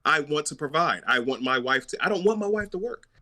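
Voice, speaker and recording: A man's voice: on the high side, expressive, fairly quick, sharp tone. A young man co-hosting a podcast, arguing his views in a casual, emphatic, repetitive way. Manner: emphatic, opinionated, repeats himself. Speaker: podcast co-host. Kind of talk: casual debate chat.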